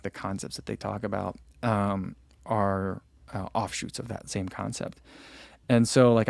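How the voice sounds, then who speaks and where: A man from New Jersey hosting a running livestream, reading out viewer questions and answering in a relaxed, rambling way with lots of fillers. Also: on the low side, dry recording, studio quality. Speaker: running channel host.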